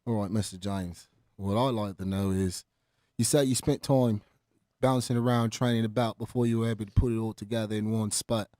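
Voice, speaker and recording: A man's voice: fairly low pitch, steady tone, a little fast, mellow, dry recording, close to an everyday voice. A man putting on a mock-formal sports interviewer with a put-on accent, speaking in a studio. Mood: earnest. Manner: mock-formal, indignant when teased. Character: mock self-important male sports interviewer.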